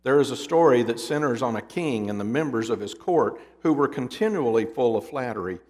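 A man's voice: medium pitch, lively intonation, brisk, a little mellow. Preacher man with hall reverb. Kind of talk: sermon.

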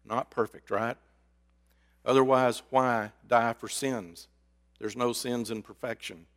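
A man preaching a sermon, swinging between loud emphasis and hushed, drawn-out words. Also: medium pitch, fairly even intonation. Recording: reverberant hall.

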